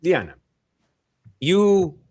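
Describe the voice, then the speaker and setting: A man's voice: high voice, sing-song, extremely slow, darkish tone, dry recording, clean studio sound. A man hosting an interview, putting questions to his guest with a few hesitant restarts. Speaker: host.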